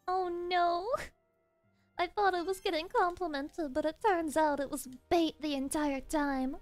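Animated swearing Southern-accented woman streamer. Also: a little slow, no room sound, soft background music. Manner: animated, swears a lot, jumps between high playful voices and low mutters. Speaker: game streamer. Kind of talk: casual live-stream chat while gaming.

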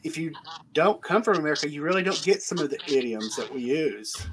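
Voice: medium pitch, lively intonation, a little fast, a bit bright, low-quality recording. Host asking questions over faint noise. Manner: friendly, agreeing, asks long questions. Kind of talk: casual interview chat.

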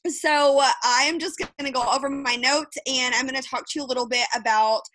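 A woman's voice: high voice, fairly even intonation, brisk, a bit bright, slight background noise. A woman, giving a fired-up, candid motivational talk as a guest on a video call, swearing freely. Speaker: guest speaker.

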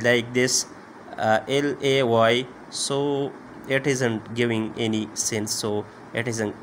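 A man teaching a grammar lesson, halting often with "uh" and "okay" as he explains. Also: medium pitch, a bit bright, a little hiss or hum. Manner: slow, halting, many "uh" and "okay" fillers. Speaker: English teacher.

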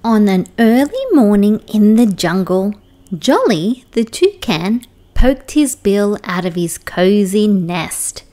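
A woman with an Australian accent reading a children's picture book aloud, slow and expressive. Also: medium pitch. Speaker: storytime reader.

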